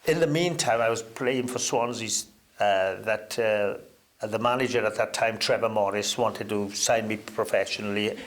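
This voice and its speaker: An older man from Wales, a guest on an interview, reminiscing in a relaxed anecdotal way with hesitant fillers and sudden lifts in pitch. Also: moderate pace.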